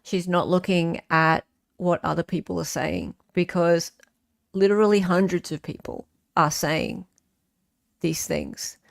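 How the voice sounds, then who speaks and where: A woman's voice: on the low side, steady tone, a little slow, vocal fry. A woman hosting a casual livestream, reading viewer comments aloud and answering them in a chatty way with frequent fillers. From Australia. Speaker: livestream host.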